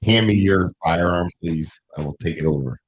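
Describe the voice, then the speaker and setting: A man's voice: sits low, moderate pace. An older man co-hosting a studio talk show in casual chat, rambling and repeating himself. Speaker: co-host.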